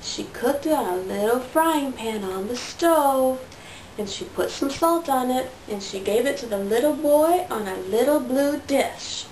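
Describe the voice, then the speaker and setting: A woman reading a picture book aloud to her toddler in a slow, sing-song storytelling voice. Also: high-pitched, lively intonation, darkish tone, recorded from a distance. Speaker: parent reading to her child. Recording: roomy sound from away from the mic, faint noise.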